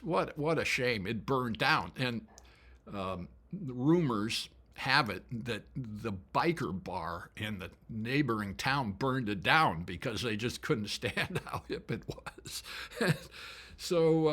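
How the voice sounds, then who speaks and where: A man's voice: medium pitch, fairly bright tone. An older man telling stories in a casual, folksy way, chuckling often as he talks. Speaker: musician and storyteller. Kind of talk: casual spoken storytelling.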